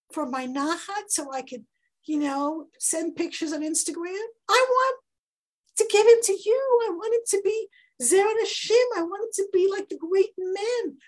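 A woman's voice: very high-pitched, voice pushed up. A woman voicing a childless ancient woman begging God for a son, in an earnest, imploring tone.

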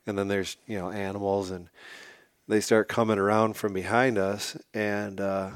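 A man as a podcast guest, telling a hunting story in a casual, animated way and acting out what people said. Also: fairly low pitch, moderate pace, dry recording, studio quality. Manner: animated, acts out quotes.

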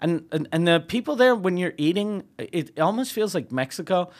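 A man telling a profane comic road story as a podcast guest, animated and laughing often. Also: high voice, moderate pace. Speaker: comedian guest.

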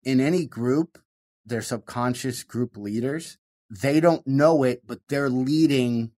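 A stand-up comedian with a Michigan accent talks fast and animatedly in a casual interview, his mid-range, warm voice swinging up and down to drive home his points.

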